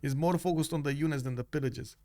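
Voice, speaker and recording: A man's voice: on the high side, quick pace, warm tone. A man giving live commentary on a strategy video game match, talking through the action with frequent hesitations and filler sounds, recorded close on a streaming mic at home.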